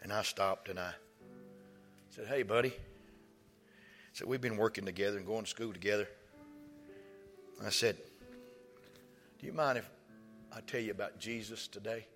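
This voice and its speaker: Impassioned preacher in a church hall. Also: male voice, on the low side, normal speed, pauses often. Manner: storytelling, rising to impassioned shouts. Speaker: pastor. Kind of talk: sermon. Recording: reverberant church hall with soft music.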